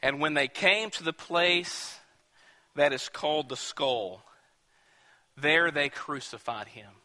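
A man preaching a dramatic sermon, dropping to hushed tones and then rising into loud, emphatic bursts, in a large church. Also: on the high side, slow. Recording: long hall reverb.

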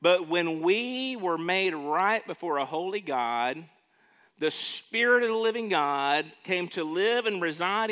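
A man's voice: on the high side, lively intonation, a little slow, a bit bright. A man preaching a sermon, emphatic and questioning his congregation, repeating words as he builds each point. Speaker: pastor.

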